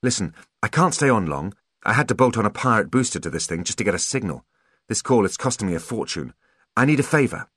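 A sharp-tongued young fairy officer, brisk and teasing, impatient to get to the point, put on by a male audiobook narrator. Her voice sits lifted and lively, swinging widely in pitch. It is close and dry, with no room around it. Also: slightly rough, no room sound, full character voice. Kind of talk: audiobook character voice.

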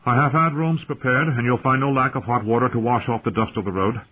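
A man's voice: fairly high pitch, wildly swooping pitch, normal speed, husky, voice pushed up, heavily acted. A man voicing a young lord in an audiobook, suspicious and awkwardly formal. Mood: stiff. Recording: tinny lo-fi phone-like sound.

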